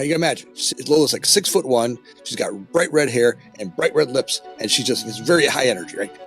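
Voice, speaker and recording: A middle-aged man speaks at an ordinary mid pitch, telling personal stories in an earnest, casual way. He often restarts his sentences and ends them with a quick "right?". Faint music plays under his voice. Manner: frequent restarts and tag "right?", earnest storytelling. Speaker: podcast guest, company founder. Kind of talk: casual reflective interview talk.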